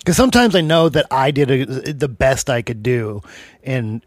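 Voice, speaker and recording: A man's voice: mid-range voice, animated, moderate pace, dry recording. A man co-hosting a casual comedy podcast, reacting briefly and asking wry questions. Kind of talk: casual chat.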